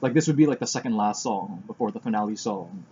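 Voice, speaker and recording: A man's voice: fairly low pitch, animated, fast talker, dark tone, slightly rough, lo-fi sound. A man casually commenting on songs as he listens, thinking aloud and sometimes eating while he talks. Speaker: music reaction vlogger.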